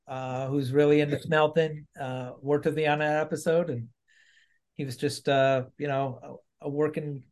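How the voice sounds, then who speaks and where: A man from Maine in casual conversation, chatty, laughing often and restarting his sentences. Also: medium pitch. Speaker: podcast guest. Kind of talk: casual chat.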